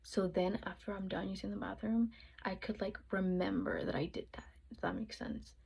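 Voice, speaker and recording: A woman's voice: medium pitch, fairly even intonation, moderate pace, vocal fry, darkish tone, slightly rough, rough recording. A young woman vlogger telling a personal story in a casual, rambling way, with many fillers and acted-out quotes of her own past thoughts. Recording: noticeable background noise.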